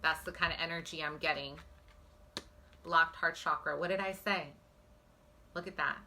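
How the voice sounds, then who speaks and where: Woman psychic reading for viewers, low pitch with a forceful, tense edge, earnest and direct. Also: steady tone, normal speed, slight background noise. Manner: earnest, emotional, speaks straight to viewers. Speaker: psychic tarot reader.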